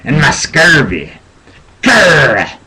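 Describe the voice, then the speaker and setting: A man putting on the voice of a gruff one-eyed male pirate, loud and growling. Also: on the high side, huge pitch swings, extremely slow, heavily acted, rough recording. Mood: grumpy.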